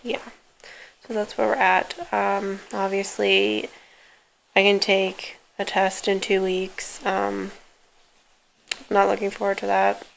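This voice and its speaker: Weary, creaky young woman vlogger. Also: medium pitch, little pitch movement, slow pace, long pauses, a little hiss or hum, low-quality recording. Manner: frustrated, weary storytelling. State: in pain and worn out. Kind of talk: casual personal video update. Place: lying on a couch at home.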